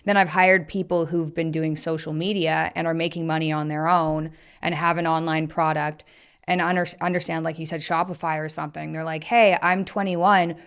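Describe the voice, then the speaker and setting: A frank woman hosting a casual conversation, talking with animation and a lot of filler likes. Her voice is fairly low and full of vocal fry. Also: little pitch movement, fairly quick, fairly bright tone.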